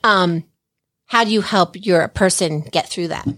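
A woman co-hosting a podcast in casual chat, blunt and swearing, telling stories with lively animation. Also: on the low side, a little slow, no echo. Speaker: podcast co-host.

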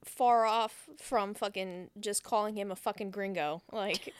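A woman co-hosting a podcast, chiming in with quick, blunt, teasing remarks in casual chat. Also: mid-range voice, steady tone, clean tone. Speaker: podcast co-host.

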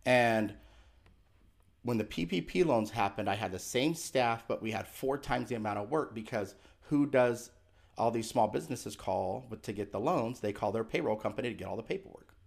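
Gravelly middle-aged man telling his story. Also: medium pitch, moderate pace. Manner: earnest and emphatic, acts out remembered dialogue; candid and confessional. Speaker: podcast guest. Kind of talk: personal storytelling in conversation.

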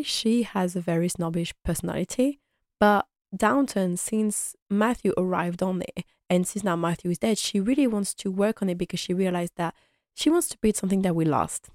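A woman's voice: mid-range voice, lively intonation, fairly quick, darkish tone, no echo, studio quality. A young woman giving a casual, enthusiastic episode recap as a fan reviewer, laughing often and using lots of fillers.

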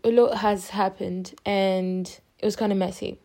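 Young woman podcast host, mellow warm voice, candid rambly update, lots of restarts. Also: mid-range voice, steady tone, a little slow. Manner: openly emotional, affectionate toward listeners. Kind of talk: casual personal update monologue.

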